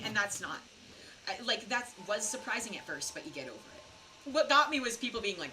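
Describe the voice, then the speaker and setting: A woman's voice: mid-range voice, animated, fast. A young American woman streaming a game while tipsy, rambling through a story in a casual, filler-heavy way. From United States. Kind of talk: casual gaming stream chat. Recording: distant mic with background noise.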